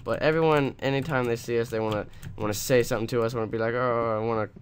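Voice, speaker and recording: Racing through his words over a little hiss or hum, a young man with a mid-range voice chats casually about the game he's playing. The let's play host is sarcastic and rambling, prone to rants and restarts.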